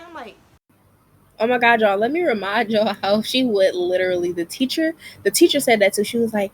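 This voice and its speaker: A woman's voice: on the high side, fairly quick, slight background noise. A young adult woman vlogging, telling a personal story to her viewers casually, laughing often and slipping close to tears. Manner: animated, laughing often, swings into near-crying.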